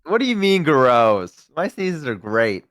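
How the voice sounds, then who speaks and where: A man's voice: medium pitch, big pitch swings, a little slow, fairly bright tone, no echo, clean studio sound. A man in his twenties, a guest streamer, chatting casually in a laid-back, self-deprecating, rambling way. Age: 20s. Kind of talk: casual chat on a livestream.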